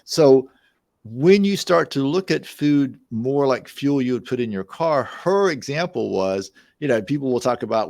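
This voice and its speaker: A man's voice: medium pitch, animated, normal speed, gravelly, a little mellow, no echo, studio quality. A man in his sixties, a guest in a conversational interview, telling personal stories in an anecdotal, easygoing way. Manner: storytelling, anecdotal, with restarts. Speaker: podcast guest, mind-body therapist.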